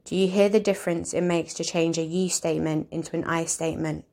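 A woman giving a calm, measured instructional narration, explaining ideas step by step. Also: on the low side, gravelly.

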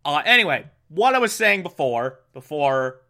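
A man's voice: a little high, very animated, normal speed, bright, forceful tone. A man giving a casual, enthusiastic spoken review of a cartoon episode, rambling and breaking off mid-thought. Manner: enthusiastic, rambling, self-interrupting. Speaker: show reviewer.

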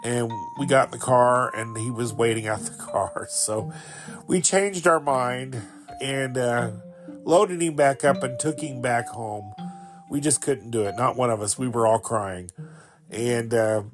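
A man's voice: mid-range voice, measured pace, over music. A man in his fifties, a podcast host, telling rambling, sentimental stories about a childhood pet. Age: 50s. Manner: rambling, sentimental, with fillers and laughs. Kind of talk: casual storytelling monologue.

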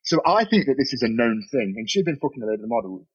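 Husky podcast guest, lively delivery, dull lo-fi recording. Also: male voice, mid-range voice, fast. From Nottingham, England. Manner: animated, swears freely, laughs mid-story. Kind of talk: casual storytelling. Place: bedroom.

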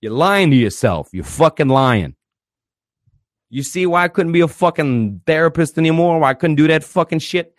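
A man hosting a podcast, giving blunt, fervent counsel full of swearing and swinging between loud and quiet. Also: a little high, expressive, normal speed, no room sound, studio quality. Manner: blunt, swears constantly, mocks therapist clichés. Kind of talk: blunt profanity-laden monologue.

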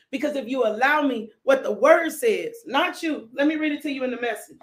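High-voiced woman preaching fervently. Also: expressive, fairly quick, hardly any pauses. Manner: fervent, with sudden shouts and repeated pleas. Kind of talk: impassioned sermon. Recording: echoey room.

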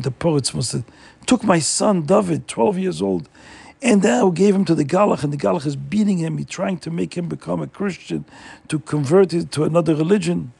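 A man voicing a desperate Jewish father who pleads urgently for help, in a very raspy voice. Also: fairly high pitch, a little mellow, no echo, pitched above the performer's own voice, heavily acted.

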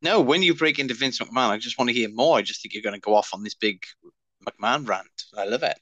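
A man's voice: mid-range voice, fast, fairly bright tone, no room sound, lo-fi sound. A middle-aged man co-hosting a podcast in casual banter, jokey and swearing freely, with kids of his own. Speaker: podcast co-host.

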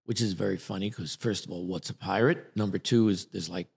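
A man's voice: low voice, steady tone, a little fast, creaky, a little mellow, slightly rough. A man with a New York accent, an acting coach co-hosting a casual podcast chat, teasing and rambling with lots of restarts.

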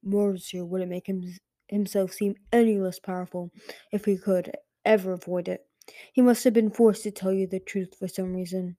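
A woman reading aloud as a weary old male dragon, near death and aloof. He talks dryly and slowly, faintly amused, in a mellow, dark-toned voice. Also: fairly even intonation, dry recording, lightly acted. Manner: dry, faintly amused, low and slow.

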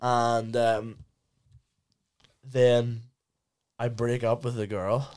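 A man's voice: medium pitch, little pitch movement, drawn-out words, darkish tone, smooth, no echo. A young man, a guest on a casual podcast, telling a story about himself with rueful laughs. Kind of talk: casual chat.

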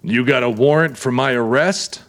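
A man's voice: mid-range voice, moderate pace, lightly acted. A man voicing a surly, defiant aging warehouse owner who grumbles indignantly, in an audiobook reading. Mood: defiant grumbling. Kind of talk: audiobook character voice.

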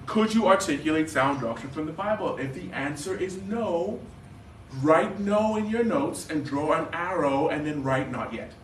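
A man preaching a sermon as a guest pastor, animated and joking, with sarcastic asides and quick questions to the congregation. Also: fairly high pitch. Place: church sanctuary. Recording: roomy church hall, mic at a distance, faint background noise.

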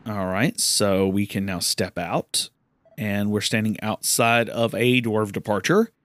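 A man's voice: fairly low pitch, steady tone, a little slow, a bit bright, dry recording. A man giving casual, rambling commentary while playing a video game, often incredulous at what happens. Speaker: gamer. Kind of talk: let's play commentary.

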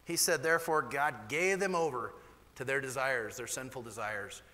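Male pastor, sermon delivery, bright forceful tone, candid and animated, long reverb of a church hall. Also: normal speed. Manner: candid, animated preaching with sudden rises in pitch.

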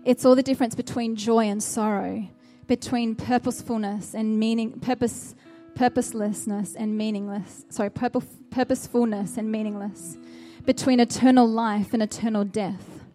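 A woman's voice: fairly high pitch, fairly even intonation, normal speed, hardly any pauses, warm tone, soft background music. A woman preaching a sermon, earnest and exhorting, with a run of searching rhetorical questions.

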